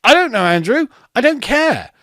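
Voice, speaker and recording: A man's voice: very high voice, very animated, moderate pace, pushed and bright, no room sound, clean studio sound. A man hosting reaction commentary, ranting with sarcastic, profane mockery. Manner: sarcastic, profane, mocking, breaks into laughter. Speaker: commentary host.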